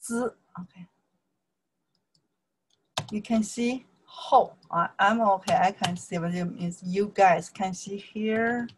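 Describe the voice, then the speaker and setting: Slow, patient woman teaching Chinese. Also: medium pitch, a little hiss or hum. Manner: slow and patient, repeating words and tones, often checking with "okay" and "right". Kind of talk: slow casual language lesson.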